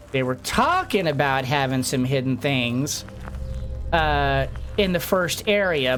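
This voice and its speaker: A woman giving casual, excitable commentary while she plays a game, chatting away with frequent gasps and laughs. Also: mid-range voice. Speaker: gameplay streamer.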